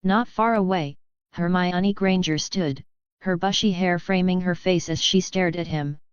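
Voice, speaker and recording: A woman narrating a novel audiobook in a steady, even storytelling manner. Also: fairly low pitch, measured pace, clean tone, dry recording, muffled recording. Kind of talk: scripted narration.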